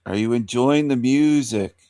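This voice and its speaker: Slow gravelly guy on a live stream, close dry mic, keeps saying hello to quiet viewers. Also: medium pitch, no echo. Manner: repeats greetings, coaxing silent viewers. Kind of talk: casual live stream chat. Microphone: desk mic.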